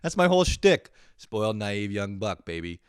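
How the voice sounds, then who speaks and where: A man's voice: on the low side, sing-song, normal speed, clear, resonant tone, no room sound, clean studio sound. A young man hosting a podcast, ranting casually and mocking himself with lots of swearing. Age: young adult. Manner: profane, self-mocking rants with mock-outraged voices. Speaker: podcast host. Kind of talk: casual comedic monologue.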